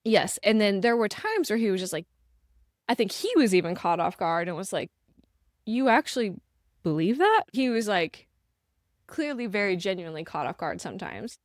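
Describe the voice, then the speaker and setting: A woman's voice: mid-range voice, sing-song, brisk, no room sound, studio quality. A woman co-hosting a casual podcast, chatty and agreeable, often backing up her partner. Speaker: podcast co-host.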